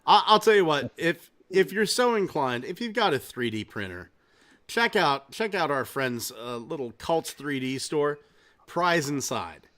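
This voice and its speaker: A man hosting a casual comedic podcast, telling rambling, excitable stories and swearing freely. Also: on the high side, measured pace. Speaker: podcast host.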